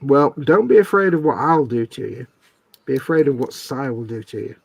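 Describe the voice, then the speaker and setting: A man's voice: medium pitch, lively intonation, moderate pace, creaky, darkish tone, slightly rough, no room sound. A British man co-hosting a casual live stream, joking and laughing often. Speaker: co-host.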